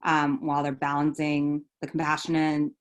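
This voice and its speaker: A woman hosting a video interview and asking measured questions. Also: deep voice, completely flat delivery. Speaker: host.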